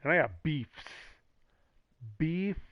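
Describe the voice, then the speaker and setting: A man's voice: a little high, lively intonation, slow pace. A man streaming, rambling casually with sarcastic jokes and acted-out quotes. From the Valley. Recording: dull lo-fi mic, dry.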